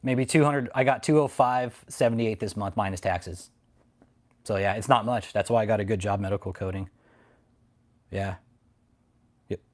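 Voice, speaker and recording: A man's voice: lowish voice, normal speed, long pauses. A man hosting a livestream, ranting at his critics and reading chat in a profane, mocking, confrontational way. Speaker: livestream host. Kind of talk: casual livestream rant.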